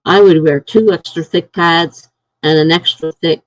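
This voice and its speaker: Slow-talking middle-aged woman telling stories. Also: deep voice, fairly even intonation, no room sound, low-quality recording. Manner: storytelling, acting out what others said. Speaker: live streamer. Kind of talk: casual chat.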